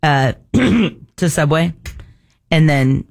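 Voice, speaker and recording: A woman hosting a radio morning show, chatting casually and running through promos quickly. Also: sits low, lively intonation, creaky, darkish tone. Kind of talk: casual on-air banter.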